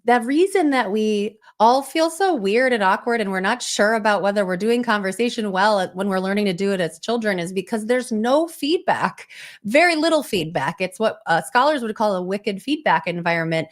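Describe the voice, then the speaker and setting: Casting: woman academic guest, animated explainer, mid-pitch, conversational. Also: moderate pace. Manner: animated, many fillers and restarts, explanatory. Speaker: professor and author, interview guest. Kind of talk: live interview conversation.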